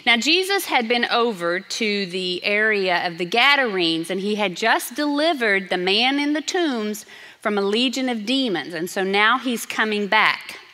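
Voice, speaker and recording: A woman pastor preaching a sermon, earnest and emphatic, slowing down to stress key phrases. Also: fairly high pitch, lively intonation, bright, forceful tone. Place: church sanctuary. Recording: reverberant church sanctuary.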